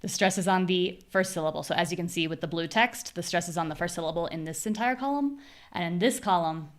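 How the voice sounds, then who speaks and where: An American woman teaching a live online pronunciation class, modeling words with clear, exaggerated stress. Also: on the low side, quick pace.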